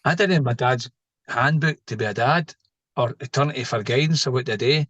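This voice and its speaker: A man's voice: medium pitch, brisk, fairly bright tone, no echo, dull audio. Joking man telling stories. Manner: joking, laughs at his own stories. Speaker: podcast guest. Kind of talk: casual storytelling interview.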